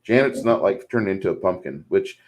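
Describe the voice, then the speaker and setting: Male co-host with a lowish voice, loose and rambling, casual chat delivery. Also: lively intonation, a little fast, rough recording. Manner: rambling, lots of "like".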